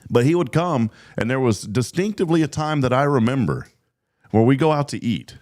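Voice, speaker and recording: A man hosting a morning radio show, telling stories in quick, animated bursts and laughing often. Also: medium pitch. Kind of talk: casual radio chat.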